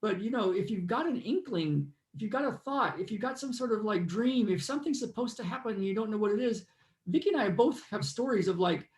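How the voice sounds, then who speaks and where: A man's voice: sits high, expressive, brisk, roomy sound. A man hosting a casual talk, telling meandering, earnest spiritual stories and guiding listeners through a moment of stillness. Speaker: host. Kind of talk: casual storytelling and guided reflection.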